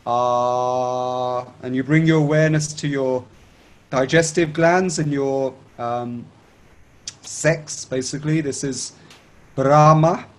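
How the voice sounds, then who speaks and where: A man teaching breathing techniques step by step, calmly checking in with his listener and chanting tones to demonstrate. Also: fairly high pitch, a little slow. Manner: calm instructive, checks in with "okay?". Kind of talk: guided breathing instruction.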